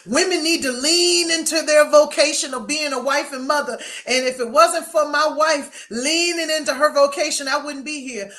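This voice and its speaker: A woman co-hosting a sports podcast, talking in an animated, emphatic, mocking way. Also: sits high, normal speed, few pauses. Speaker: podcast co-host. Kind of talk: casual sports chat.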